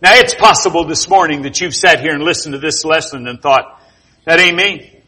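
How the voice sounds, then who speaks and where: High, bright-voiced preacher man, husky edge. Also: brisk. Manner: animated, jokey storytelling with sound effects. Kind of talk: sermon with storytelling.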